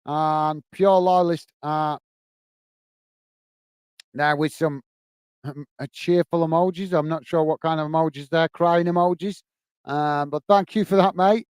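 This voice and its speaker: A man's voice: fairly high pitch, steady tone, measured pace, long pauses, darkish tone, clear, resonant tone, no room sound. A British man hosting a live football watch-along, calling the play and chatting to viewers in the comments. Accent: British English. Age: adult, working age. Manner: chatty, reads out viewer comments, calls everyone mate. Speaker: host of a match watch-along. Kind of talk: casual live commentary and chat. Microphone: earpiece and close mic.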